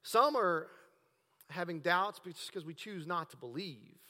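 A male pastor delivers a sermon in a high, bright voice, dropping to hushed lines and then building to emphatic, raised passages. His words ring out with a long reverb, as in a large church hall. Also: lively intonation, measured pace. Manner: preaching with swings between hushed and emphatic.

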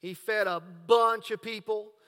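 A male pastor delivers a sermon in a high, bright voice, dropping to hushed lines and then building to emphatic, raised passages. His words ring out with a long reverb, as in a large church hall. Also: fairly even intonation, unhurried. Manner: preaching with swings between hushed and emphatic.

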